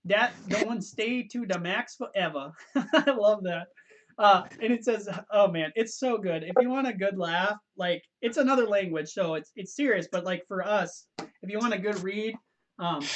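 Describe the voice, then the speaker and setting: A young man hosting a youth ministry livestream, chatting loosely with quick restarts and easy laughs. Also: high voice, a little hiss or hum. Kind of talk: casual livestream chat.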